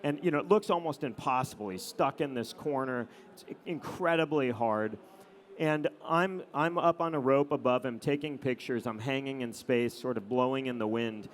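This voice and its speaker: A middle-aged man, a photographer, telling anecdotes to an audience in a relaxed storytelling manner with frequent "um" and "you know". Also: medium pitch. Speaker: adventure photographer giving a talk.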